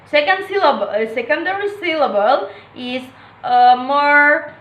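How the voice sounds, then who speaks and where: A woman's voice: high-pitched, animated, a little slow, fairly bright tone, a little hiss or hum. A young woman from Indonesia with an Indonesian accent, an English student explaining a lesson casually and hesitantly, with many fillers and self-corrections. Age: young adult. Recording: echoey room.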